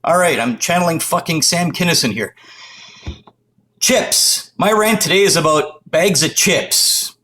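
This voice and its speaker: A middle-aged man from the Toronto area, ranting to camera in a loud, exasperated, profane comic rant. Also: on the high side, expressive, unhurried, a little hiss or hum. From Canada, Toronto area.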